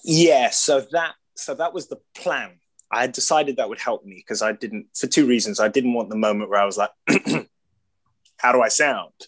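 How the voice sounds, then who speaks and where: A man's voice: medium pitch, normal speed, breathy edge. A man in his thirties with an English accent, a guest talking in a casual, self-deprecating way and laughing often. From England. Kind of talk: casual chat.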